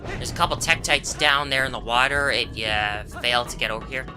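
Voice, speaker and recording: A woman's voice: extremely low pitch, a little fast. A woman giving casual, rambling gameplay commentary, full of asides and fillers. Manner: chatty, rambling, frequent "uh" and "anyway". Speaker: game commentator. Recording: game music behind voice.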